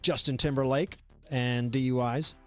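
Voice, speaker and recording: A man's voice: medium pitch, fairly even intonation, normal speed, faint music behind. A man hosting a comedy live stream, chatting casually and rambling with lots of fillers and restarts. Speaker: comedy show host.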